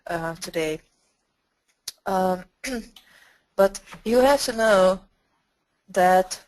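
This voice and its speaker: A woman with a flu-hoarse voice giving a webinar presentation, clearing her throat often and pausing to restart phrases. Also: on the low side, poor audio. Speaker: guest speaker.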